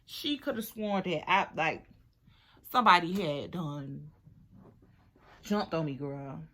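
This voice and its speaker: Chatty young woman with a bright voice. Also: low-pitched, slow pace. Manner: chatty, animated, talks to viewers as "girl". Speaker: beauty vlogger. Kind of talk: casual storytime chat.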